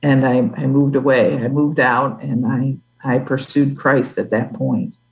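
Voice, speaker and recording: A woman giving a personal faith testimony as a guest, earnest and halting, with restarts. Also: extremely low pitch, steady tone, vocal fry, low-quality recording. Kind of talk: testimony in an interview.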